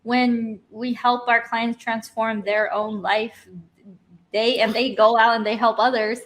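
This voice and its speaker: A woman's voice: fairly high pitch, flat delivery, a little slow. A woman hosting a casual livestream chat, encouraging her guest and talking with many fillers and restarts; she moved to America as a child. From immigrant to America. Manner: warm, encouraging, filler-heavy. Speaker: host.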